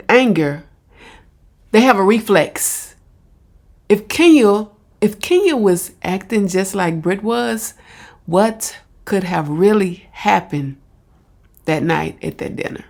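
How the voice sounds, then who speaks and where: Slow, gravelly woman commentator. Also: medium pitch. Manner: blunt, repeats herself, talks back to the clip. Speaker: commentator reacting to a video. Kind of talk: casual reaction commentary.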